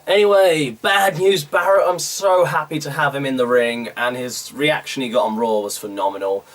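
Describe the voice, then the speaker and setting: A man's voice: mid-range voice, normal speed. A young British man giving a casual, opinionated recap of a wrestling show, full of ums and uhs. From Britain. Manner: chatty, opinionated, with frequent "um" and "uh".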